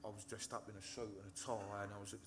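Speaking fast in a level tone, this low-ish male voice comes through with background noise. It's a nervous man from Hertfordshire, England, on a meeting-hall stage, telling a live audience his recovery story, swearing often and starting his sentences over.

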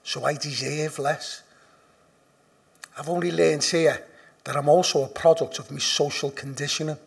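A man with a Liverpool accent shares his recovery story bluntly and profanely. His voice is gravelly and sits a little high for a man. He swings between hushed confession and loud, laughing emphasis. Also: steady tone, moderate pace. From Liverpool, England. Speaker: speaker sharing at a recovery meeting. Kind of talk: personal recovery testimony.

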